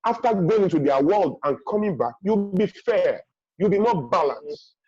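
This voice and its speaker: A husky-voiced man with a high register appears as a webinar guest, giving forceful, expressive parenting advice at normal speed. He's emphatic, repeats key points to drive them home, and acts out parents' lines, all in dry, dull video-call audio.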